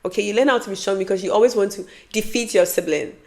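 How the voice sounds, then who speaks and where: A young adult woman vlogger giving advice and telling a storytime in an animated, emphatic way with lots of repetition. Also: mid-range voice, fast.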